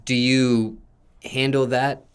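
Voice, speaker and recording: A man interviewing a guest, asking long, winding questions in a measured way. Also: medium pitch, level tone, clean tone.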